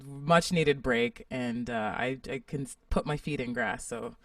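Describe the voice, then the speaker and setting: A woman's voice: low voice, very animated, a little slow, vocal fry, no echo, recorded from a distance. A woman co-hosting a podcast in casual chat, upbeat and teasing. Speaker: podcast co-host. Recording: dry, a bit off-mic.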